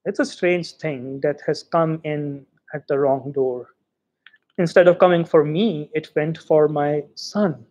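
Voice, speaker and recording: A man voicing a humble, grieving old male cab driver who speaks softly and haltingly. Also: fairly high pitch, fairly even intonation, muffled recording. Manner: soft, halting, sorrowful.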